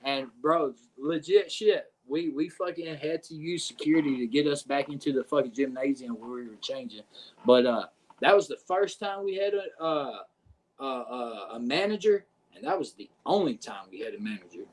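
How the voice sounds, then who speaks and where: A man's voice: on the high side, normal speed. A man, a pro wrestler telling stories as a podcast guest, cursing often and checking in with his listener. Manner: profane, animated, keeps saying "you know what I'm saying". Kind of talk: casual podcast storytelling.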